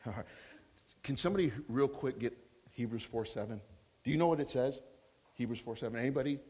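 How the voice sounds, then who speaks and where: A man preaching as a guest speaker in a church, laughing often and repeating words when excited. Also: medium pitch, fairly quick, breathy edge. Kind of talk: sermon with prophetic words. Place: church hall.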